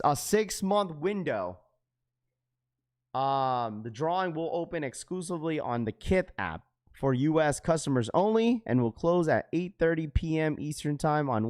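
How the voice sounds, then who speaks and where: Slangy man hosting a sneaker livestream. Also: on the high side. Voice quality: slangy, says "bro" often. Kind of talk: casual livestream chat.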